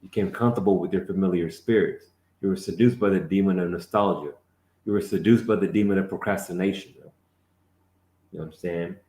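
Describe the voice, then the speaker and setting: A fiery preacher with a very deep voice drives his points home with emphasis, tagging his lines with "man." He is heard in an echoey room. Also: fairly even intonation, quick pace, dark tone. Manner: emphatic, calls out prompts, tags lines with "man". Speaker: lead teacher of the class. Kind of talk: fiery street-preaching sermon.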